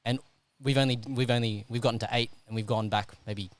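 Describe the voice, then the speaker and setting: A man hosting a casual chat, working through an idea out loud and checking in with the listener as he goes. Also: mid-range voice, fairly even intonation, fairly quick. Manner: thinks out loud, keeps checking in with "right?".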